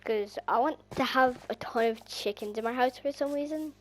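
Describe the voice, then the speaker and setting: A woman with an Irish accent giving rambling, chatty gameplay commentary that bursts into excited squeals. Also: on the high side, normal speed, slight background noise. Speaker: gaming channel host.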